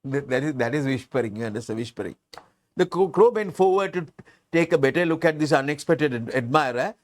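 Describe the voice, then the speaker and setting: A man's voice: fairly high pitch, animated, a little fast. A man teaching English, reading a story aloud and patiently explaining words, often repeating and restarting.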